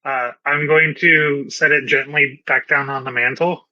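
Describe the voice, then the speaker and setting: A man's voice: a little high, fairly even intonation, measured pace, sharp tone, dry recording, dull audio. A man playing a tabletop game, talking in an easygoing, chatty way with fillers. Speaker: player. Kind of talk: casual tabletop game play.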